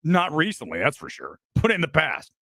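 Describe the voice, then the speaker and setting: A man with a fairly high, swooping voice hosts a live film-reaction stream, ranting bluntly and with plenty of swearing. He boasts about his judgment and dares his viewers to disagree. The sound is dry and close. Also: wildly swooping pitch, moderate pace, vocal fry, a bit bright, dry recording. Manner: challenges viewers directly. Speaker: film critic host.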